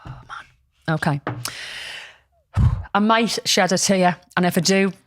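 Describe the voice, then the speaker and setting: A woman's voice: fairly low pitch, slow pace. A woman, casually telling a story on a podcast, rambling with lots of ums and restarts. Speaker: podcast co-host.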